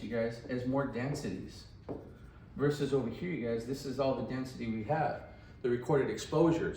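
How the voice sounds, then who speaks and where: A man lectures on radiography in a relaxed, chatty way and keeps asking his listeners "right?". His voice sits at a middle pitch. The sound is roomy and slightly distant, with faint background noise. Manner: chatty, asks "right?" often. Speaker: radiography instructor. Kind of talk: casual classroom lecture.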